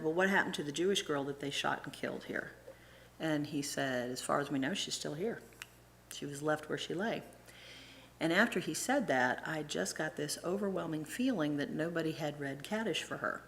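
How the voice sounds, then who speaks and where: A middle-aged woman giving a casual, animated church talk, acting out the voices of people she quotes and often restarting her sentences. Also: low-pitched, a little hiss or hum. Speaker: church presenter and Sunday school teacher.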